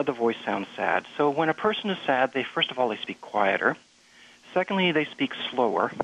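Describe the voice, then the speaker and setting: A man being interviewed as a music researcher, explaining thoughtfully with frequent halting restarts. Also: mid-range voice, vocal fry, fairly bright tone. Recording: dull lo-fi radio sound.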